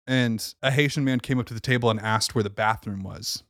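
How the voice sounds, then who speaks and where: A man with a medium-pitched, fairly bright voice talks briskly in a dry, studio-quality recording. He co-hosts a podcast, chatting casually, telling stories, and laughing often.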